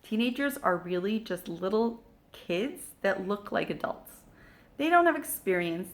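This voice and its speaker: Animated woman giving parenting advice. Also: fairly high pitch. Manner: animated, acts out little dialogues, many fillers. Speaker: parenting coach. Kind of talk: casual advice talk to camera.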